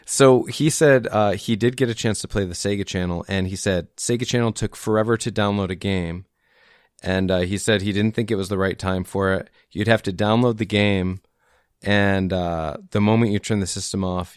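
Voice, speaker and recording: A man's voice: low voice, steady tone, moderate pace, clean tone, no room sound, studio quality. A man co-hosting a casual podcast chat, easygoing and agreeable, a little tipsy. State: tipsy from drinking. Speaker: podcast co-host.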